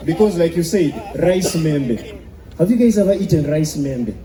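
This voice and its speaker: A man from Uganda with a Ugandan English accent, doing stand-up comedy with animated storytelling. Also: a little high, moderate pace, reverberant, a crowd in the background, rough recording. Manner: animated storytelling with sung bits.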